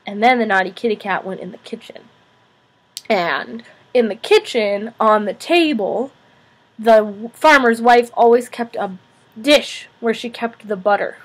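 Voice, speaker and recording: A young woman with a high, light voice tells a farm story to young children. She speaks as a music teacher in a virtual lesson, gentle and expressive, often pausing to check in.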